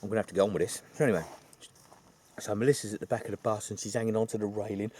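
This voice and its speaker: A man's voice: fairly low pitch, steady tone, rapid-fire, a little mellow. A man retelling a film plot in a rambling, chatty way, full of asides. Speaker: film reviewer.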